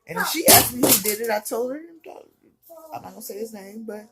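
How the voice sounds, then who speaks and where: A woman's voice: fairly high pitch, a little fast, heavy background noise. Breathless pregnant woman telling her story. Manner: chatty, candid, many fillers. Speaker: vlogger. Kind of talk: personal story vlog.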